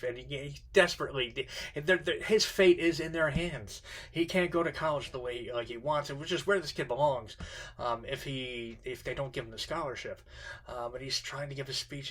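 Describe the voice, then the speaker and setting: A man teaching literature in an informal lecture, halting with many fillers and restarts. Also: medium pitch, bright, forceful tone.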